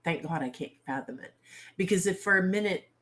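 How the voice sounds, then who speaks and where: Blunt, outspoken woman with a lowish voice. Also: fairly quick, fairly bright tone. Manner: blunt, outspoken, salty turns of phrase; talks straight to viewers with questions. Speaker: author and livestream host. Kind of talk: casual livestream chat.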